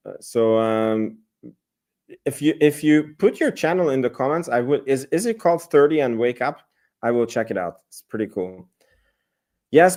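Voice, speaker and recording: A man with a mid-range, darkish voice hosts a live stream, loosely discussing selling options. He rambles while reading and answering viewer comments, often using fillers and restarting sentences.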